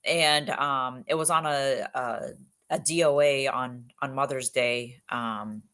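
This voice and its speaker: A woman police officer from Egypt speaks in an unusually low voice. She talks earnestly and emphatically, breaking into fast bursts and leaning on plenty of fillers as she tells her stories. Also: fairly even intonation, fairly bright tone, clean tone. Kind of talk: candid interview storytelling.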